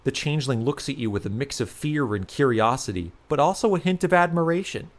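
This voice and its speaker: A man narrates a second-person fantasy adventure as a storybook reading. His voice sits in the middle range but moves a lot in pitch, giving the reading an expressive lift. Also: brisk.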